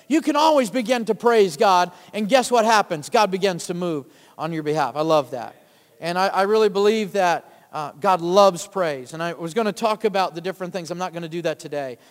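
High-voiced preacher in a reverberant hall. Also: male voice, moderate pace. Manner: rousing, calls for amens and asks the crowd questions. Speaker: pastor. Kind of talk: sermon. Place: church sanctuary. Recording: long reverb of a church hall.

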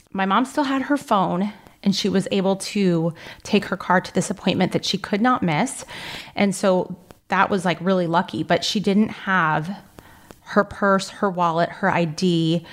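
A woman in her thirties hosting a podcast, telling a personal story in a casual, animated way and acting out the lines she quotes. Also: on the low side. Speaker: podcast host.

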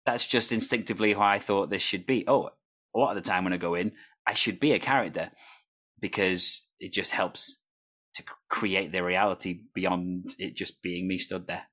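Low-voiced teacher telling stories. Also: male voice, fairly even intonation, moderate pace, fairly bright tone. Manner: fluent, anecdotal storytelling. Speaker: teacher and improv performer. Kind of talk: casual chat.

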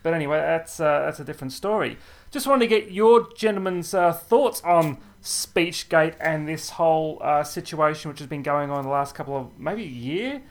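A man's voice: a little high, moderate pace. A man from New Zealand hosting a podcast, talking in a wry way and laughing between points. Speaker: podcast host. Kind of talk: casual chat.

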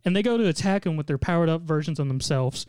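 A man casually recapping a show, telling it with lively mock quotes and lots of laughing. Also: on the high side, quick pace, clean tone, no echo, clean studio sound. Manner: animated storytelling, mock quotes in put-on voices, frequent laughter. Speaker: podcast host recapping an anime episode.

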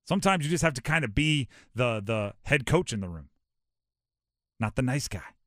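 A man from Hawaii hosting a sports talk show, animated and rhetorical, often acting out quotes. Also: a little high, fairly quick, dry recording, clean studio sound.

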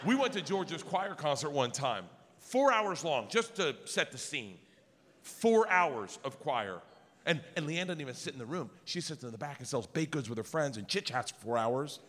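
A man doing crude, animated stand-up storytelling on a theater stage into a handheld mic, with an audience present. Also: fairly high pitch, normal speed. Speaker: stand-up comedian. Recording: live theater hall with audience.

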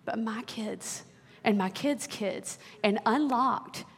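A woman in her thirties, a worship leader, telling a personal story in a sermon with earnest warmth and small laughs. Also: a little high, takes it slowly, slightly rough. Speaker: worship leader giving a talk. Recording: long hall reverb.

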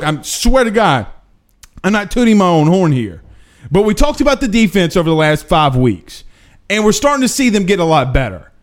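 A young man hosting a sports podcast, talking casually and energetically, repeating himself for emphasis. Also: high voice. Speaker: podcast host.

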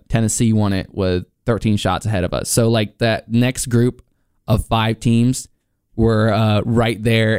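Smooth-voiced young man reading sports results. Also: mid-range voice, darkish tone, no room sound, clean studio sound. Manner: chatty, reads results with fillers. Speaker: sports show host. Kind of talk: casual sports results rundown.

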